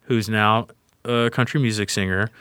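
A young man from Louisiana, a podcast guest telling a story in a casual, profane, animated way and acting out the people he quotes. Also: on the low side, normal speed, clear, resonant tone, no room sound. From Louisiana, USA.

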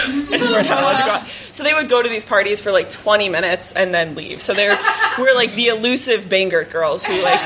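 A woman in her twenties telling a personal story live on stage, animated and laughing often as she acts out family voices. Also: medium pitch, slight background noise.

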